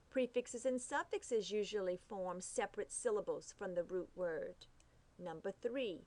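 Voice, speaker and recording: A woman teaching phonics rules, reading each rule slowly and carefully, sounding out the letters. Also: fairly high pitch. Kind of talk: phonics lesson.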